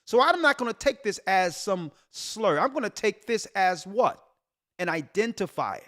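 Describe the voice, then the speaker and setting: A man with a high-pitched voice speaks at a normal speed while commenting on a news article. As a church elder and show host, he delivers it like an animated sermon with rhetorical questions and repeated emphasis.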